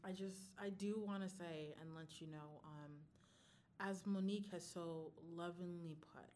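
A woman's voice: lowish voice, fairly even intonation, measured pace, warm tone, a little hiss or hum. A young woman co-hosting a podcast in casual chat, teasing and laid-back. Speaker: podcast co-host.

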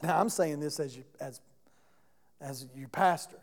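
Male pastor, high voice, conversational storytelling sermon, long hall reverb. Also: a little slow. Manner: conversational storytelling with questions to the congregation. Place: church sanctuary.

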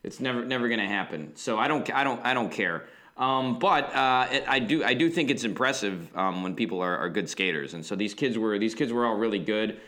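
A man's voice: on the low side, lively intonation, fairly quick, hardly any pauses, bright, forceful tone. A man co-hosting a podcast, chatting casually and rambling with lots of restarts and fillers. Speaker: podcast co-host. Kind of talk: casual chat.

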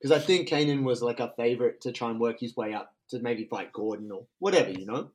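An excitable Australian man telling a story in casual, slangy talk. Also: medium pitch, fast.

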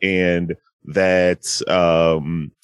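A man's voice: sits low, fairly even intonation, very slow, smooth, dry recording, highs cut off. A man casually retelling a movie plot to a friend, rambling with lots of fillers. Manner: rambling, filler-heavy retelling with acted-out quotes. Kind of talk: casual chat.

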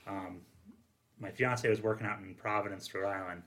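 A firefighter and former union president telling casual stories on a podcast, rambling and acting out the dialogue. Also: male voice, on the low side, fairly even intonation, moderate pace, background noise. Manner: rambling anecdotes, acts out quoted dialogue.

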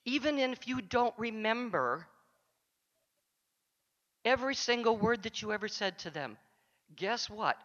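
A woman's voice: a little high, animated, unhurried, pauses often, fairly bright tone. Heartfelt woman giving an acceptance speech. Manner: heartfelt, speaks directly to the audience. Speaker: award recipient, counselor. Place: conference luncheon hall. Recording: dull sound in a large echoing hall.

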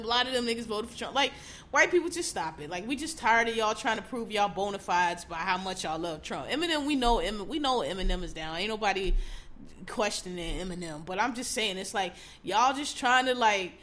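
A woman's voice: on the high side, fairly bright tone. A woman hosting a casual commentary show, ranting bluntly with heavy swearing and exasperated mockery. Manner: mocks others in put-on voices.

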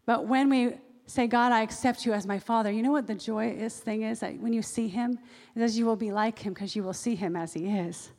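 A woman's voice: on the high side, fairly quick, a little mellow. A woman preacher giving a sermon in a conversational way, with personal asides. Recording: long reverb of a large hall.

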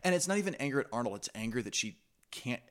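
A man co-hosting a podcast, talking in an animated, excitable, joking way. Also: medium pitch, quick pace. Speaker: podcast co-host. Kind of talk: casual review chat.

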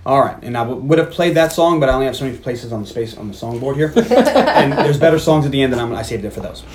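Male podcast host, mid-pitched, casual jokey film recapper. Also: lively intonation, fast, a little mellow. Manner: recaps the plot with jokey put-on quotes and frequent laughs. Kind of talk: casual movie recap chat.

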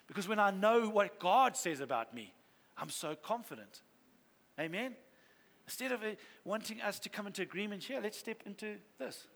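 Preaching to his church, a man with a high-pitched, slightly bright voice moves from earnestness to fervent exhortation. The hall's long reverb colours the sound.

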